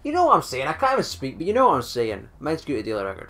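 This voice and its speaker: A man giving live gameplay commentary, excitable and swearing a lot, talking at the enemies on screen. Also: medium pitch, fast talker. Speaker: gamer doing a let's play.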